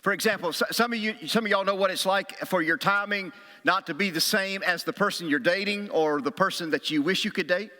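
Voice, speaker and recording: A man's voice: high voice, fairly quick. A middle-aged man preaching a sermon as a pastor, telling stories and acting out quotes with a raised voice or a whisper. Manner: animated storytelling, acts out quotes with a raised voice or a whisper. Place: church sanctuary. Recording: long hall reverb.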